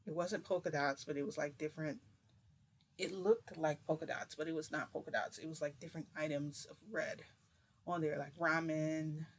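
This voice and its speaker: A woman's voice: sits low, fairly even intonation, normal speed. A woman vlogger telling a long story in a casual, rambling way, full of fillers and restarts.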